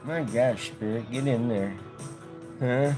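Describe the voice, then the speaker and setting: A man's voice: medium pitch, slow, music in the background. An American man on a casual livestream, talking in a laid-back way to his dogs and to viewers in the chat. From United States. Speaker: vlogger.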